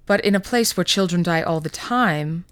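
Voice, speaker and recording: A woman voicing a calm, persuasive fairy prince in a told story, speaking in a low, reasoning way. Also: normal speed, clear, resonant tone, no echo, studio quality, natural voice. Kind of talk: storytelling podcast reading.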